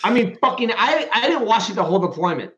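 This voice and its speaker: A man hosting a podcast, casually telling profane, animated stories. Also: high-pitched, fast talker, reverberant, noisy background. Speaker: podcast host. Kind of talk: casual chat.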